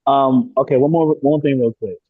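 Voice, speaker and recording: A man's voice: mid-range voice, fairly even intonation, moderate pace, husky, no echo. A man taking part in a webinar, asking a question hesitantly with many "um"s. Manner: hesitant, restarts with "um". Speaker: webinar participant. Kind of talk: casual question. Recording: dry, dull lo-fi audio.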